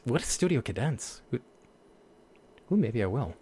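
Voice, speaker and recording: A man's voice: medium pitch, big pitch swings, normal speed, dark tone, husky. Rambling young man chatting casually. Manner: rambling, heavy use of "like", laughs at himself. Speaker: voice actor streamer. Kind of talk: casual chat.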